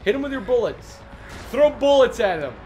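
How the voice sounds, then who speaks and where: A young man bantering and yelling over a horror game with friends, swearing often. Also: extremely high pitch, big pitch swings, normal speed, soft background music. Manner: loud, swears, yells at the game. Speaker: let's play co-commentator. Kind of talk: casual gaming banter.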